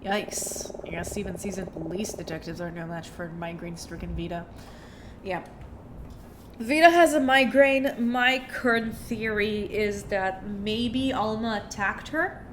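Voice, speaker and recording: Slow-talking woman streamer with a cold. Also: mid-range voice, background noise. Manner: chatty, thinks aloud with many fillers. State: has a cold. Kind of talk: casual game playthrough commentary.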